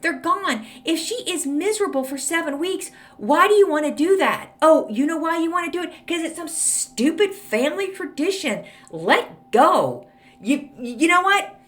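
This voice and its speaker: A middle-aged woman hosts a snarky advice podcast, reading and answering a letter in a blunt, sassy, exasperated monologue. Her voice is extremely high with big pitch swings, at normal speed.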